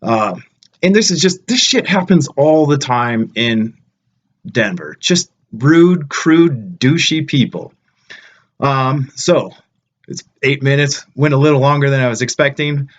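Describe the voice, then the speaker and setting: A travel vlogger with a mid-range voice talks casually to the camera in an unhurried way. He's blunt and ranting, swearing plenty as he goes.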